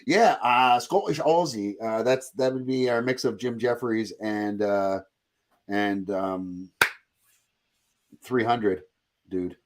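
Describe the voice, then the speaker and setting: A man's voice: lowish voice, level tone, a little hiss or hum. A male podcast host in easy, casual chat. He jokes around and rambles, often stopping and restarting his thoughts with a laugh in his tone. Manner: joking, rambling, quick to laugh.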